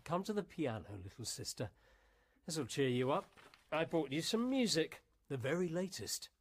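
An actor playing a stern but kind husband in an old film drama, speaking in a husky, measured voice. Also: male voice, a little high, sing-song. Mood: firm. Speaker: husband and head of the house.

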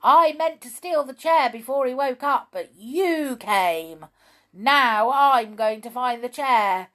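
A woman voicing an ugly male goblin thief who shouts and gloats in a storybook reading. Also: high-pitched, expressive, slow, voice pushed up, heavily acted. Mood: gloating.

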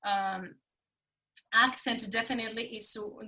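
A middle-aged woman speaks as a podcast guest, her voice pitched a little high and very bright. She tells her story with animated, emphatic energy. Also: a little slow, far from the mic, rough recording. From Mexico. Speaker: guest, business consultant. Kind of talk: casual interview talk.

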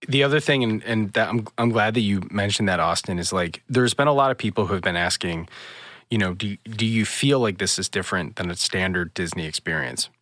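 A man on a casual podcast, telling a story with real energy. His voice sits a little low, and he jumps up high when he mimics other people. The recording is close and dry. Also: brisk, fairly bright tone, no room sound. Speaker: podcast host. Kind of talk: casual chat.

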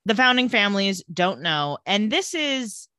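Bright, lively young woman podcaster. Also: medium pitch, a little slow, dry recording. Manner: chatty, playful, laughs easily. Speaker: podcast co-host. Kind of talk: casual chat recapping a TV episode.

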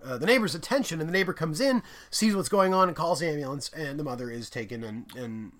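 Bright, fast-talking man reviewing a film. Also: fairly high pitch. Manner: rambling, animated storytelling with acted-out quotes. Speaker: podcast co-host. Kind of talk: casual movie review chat.

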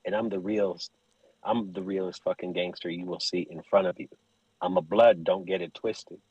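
Brief: lower-voiced man, husky, swearing storyteller, dry close mic. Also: normal speed, dry recording, muffled recording. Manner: profane, animated, laughs often. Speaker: podcast guest. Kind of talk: casual storytelling chat.

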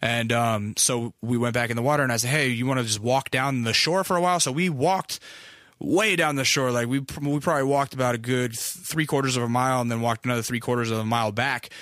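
Profane, bright-voiced young male podcast host. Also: mid-range voice, fast, no room sound, studio quality. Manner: loose, profane, rambling with restarts. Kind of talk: casual storytelling monologue.

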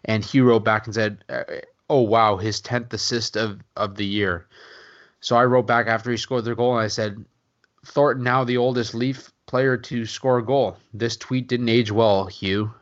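A man co-hosting a casual sports podcast, relaxed and rambling, often chuckling. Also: medium pitch, normal speed. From Canada. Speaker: podcast co-host. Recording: dull lo-fi podcast audio.

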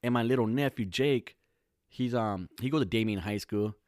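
A man's voice: medium pitch, moderate pace, a little mellow, dry recording, studio quality. A man in his thirties from California, talking alone in a casual, rambling, profane podcast monologue full of slang.

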